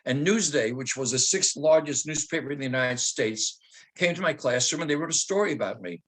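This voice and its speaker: A man in his seventies, a retired teacher, telling personal stories with humor and slowing into dramatic readings. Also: medium pitch, lively intonation, a bit bright. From Germany. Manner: humorous, anecdotal, slows to dramatic recitation.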